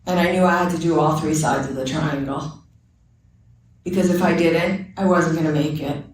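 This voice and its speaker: A woman's voice: deep voice, normal speed, a little hiss or hum. A woman giving a candid, earnest personal testimony at a recovery meeting. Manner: candid, earnest storytelling with quoted dialogue. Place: meeting room. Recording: very echoey room, speaker far from mic.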